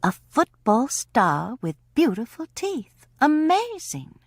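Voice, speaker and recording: A woman narrating an audiobook in a wry, expressive way. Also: sits high, slow, no echo, studio quality. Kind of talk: scripted narration.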